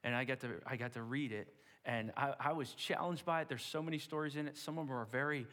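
A man preaching, telling a story dramatically with repeated words and hushed asides. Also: medium pitch, steady tone, fast. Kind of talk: sermon storytelling. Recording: long hall reverb.

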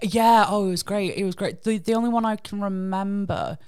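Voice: mid-range voice, steady tone, fairly quick, darkish tone, clean tone. Candid, laughing podcast co-host. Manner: candid, laughs often, says like a lot. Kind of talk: casual chat.

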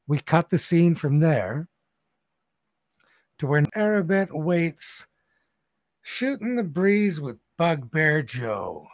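A man's voice: medium pitch, darkish tone, no room sound. Game master, man, rambling storyteller, dry close sound. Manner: rambling, conversational. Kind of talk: narrating a tabletop game.

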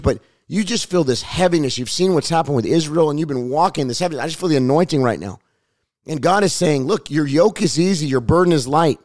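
A middle-aged man preaching and praying aloud as a pastor, fervent and repetitive, his voice hoarse and raspy. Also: on the high side, a little mellow, dry recording, studio quality. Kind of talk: sermon and prayer.

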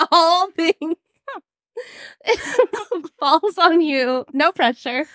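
A young woman co-hosting a podcast in casual chat, giggly and animated, swearing freely. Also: very high voice, very slow, no room sound, clean studio sound. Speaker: podcast co-host.

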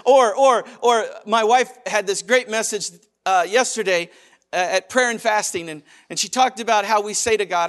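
A high-voiced man preaching to a congregation. He talks in a loose, conversational way, with animated stretches and sudden quiet, gentle asides. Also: brisk. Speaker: pastor. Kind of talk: sermon.

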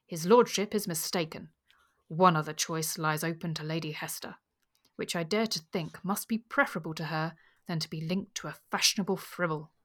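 A woman's voice: low voice, normal speed, a bit bright. A woman reading aloud as a pompous, solemn older male vicar, grave and declaiming.

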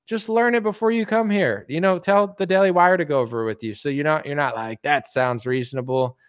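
A man's voice: on the high side, clear, resonant tone, no echo, studio quality. A man ranting in casual political commentary, rambling with lots of "like" and mocking impressions. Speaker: commentary streamer.

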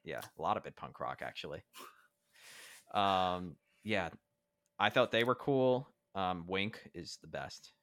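A man with a very low, deep voice talks through a movie in a loose, rambling way, full of fillers and restarts. The sound is dry and close, with no room around it. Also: animated, takes it slowly, a bit bright, no room sound. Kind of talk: casual movie review chat.

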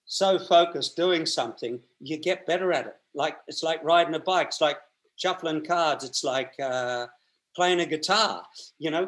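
Rambling man, higher-pitched voice. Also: a bit bright. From Australia. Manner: rambling, restarts and repeats words, colloquial. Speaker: guest. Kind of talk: storytelling in a conversational interview.

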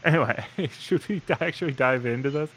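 A man's voice: on the high side, fairly quick, a bit bright, slight background noise. A man co-hosting a gear podcast, chatting casually with dry, teasing remarks. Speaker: podcast co-host. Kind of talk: casual chat.

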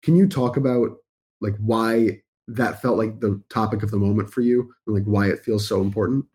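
A man's voice: on the low side, normal speed, a little mellow, slightly rough. A man hosting a podcast, his voice nasal from a cold, talking in an articulate, enthusiastic way. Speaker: podcast host. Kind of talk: podcast intro and interview.

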